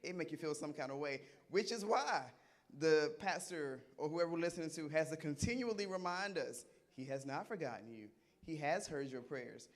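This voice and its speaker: A middle-aged man delivers an interactive sermon in a fairly high voice. He keeps it conversational and playful, quizzing the listeners and echoing their replies back to them. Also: normal speed. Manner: conversational, asks the audience questions and repeats their answers; animated and playful, laughs often. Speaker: Bible study teacher.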